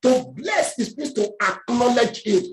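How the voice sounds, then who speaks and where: A woman preaching a sermon with emphatic, drawn-out words and call-and-response questions. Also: on the high side, lively intonation, faint music behind. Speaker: pastor. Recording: echoey room.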